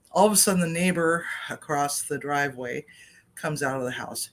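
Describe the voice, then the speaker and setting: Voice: mid-range voice, normal speed. A chef and cooking vlogger giving a casual personal update from a home kitchen, telling a story with tangents into a laptop webcam.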